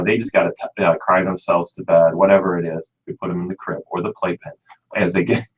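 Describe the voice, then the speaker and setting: A man with a Midwestern American accent hosting a pet radio show, chatting folksily and leaning on "you know.". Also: deep voice. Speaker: radio show host, pet store expert. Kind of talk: casual radio talk. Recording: dull lo-fi radio audio.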